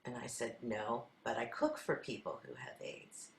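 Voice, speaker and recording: A woman's voice: a bass voice, big pitch swings, normal speed, creaky. An older woman leading a class, telling her own stories in an earnest, conversational way and acting out her side of past conversations. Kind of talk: storytelling talk to a group. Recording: roomy echo.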